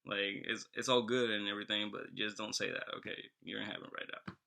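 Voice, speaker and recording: A man voicing a relaxed, slang-talking God who tells people to chill out. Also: on the low side, fairly quick, creaky. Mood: laid-back. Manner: casual, teasing, says bro and chill. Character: laid-back slangy male God.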